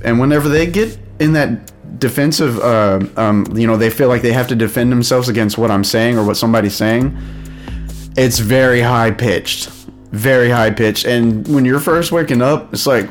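A man of middle pitch venting in a loose, rambling rant. He swears freely and keeps circling back to repeat his point. Faint music plays quietly behind him. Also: moderate pace. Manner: heated, rambling, swears a lot. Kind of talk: casual profane rant.

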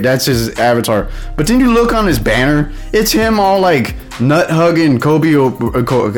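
Man on a rambling, profane rant. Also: on the high side. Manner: heated, rambling, swears a lot.

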